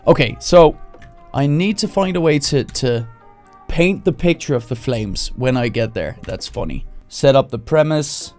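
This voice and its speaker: A comedian writing jokes live on a stream, thinking out loud, who breaks into high screaming voices to act out his bits and laughs at his own lines. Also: expressive, unhurried, faint music behind. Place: home streaming setup.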